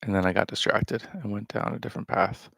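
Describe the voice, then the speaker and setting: Low gravelly man musing offhand. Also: fast talker, no echo. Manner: deadpan, offhand, self-mocking. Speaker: livestream host. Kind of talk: casual rambling livestream commentary.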